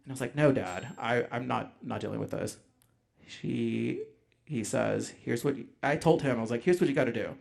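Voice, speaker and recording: A man telling a personal story live on stage, animated, acting out voices, with frequent ums. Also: mid-range voice, moderate pace, creaky. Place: stage before a live audience.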